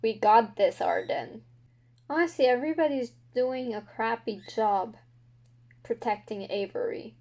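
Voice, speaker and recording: A woman's voice: on the high side, a little slow, a little mellow. A young woman book vlogger reacting aloud while reading, emotional and exclaiming, talking to the characters.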